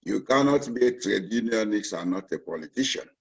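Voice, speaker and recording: A man in his sixties from Sierra Leone, with a Sierra Leonean accent, answering interview questions in a measured, self-assured way. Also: fairly low pitch, lively intonation, slightly rough, muffled recording. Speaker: party chairman candidate.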